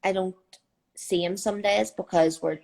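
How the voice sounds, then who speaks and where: A woman's voice: medium pitch, steady tone, a little slow, vocal fry, darkish tone. A young woman with a Northern Irish accent, chatting casually as a guest on a live video call from home, with lots of fillers. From Northern Ireland.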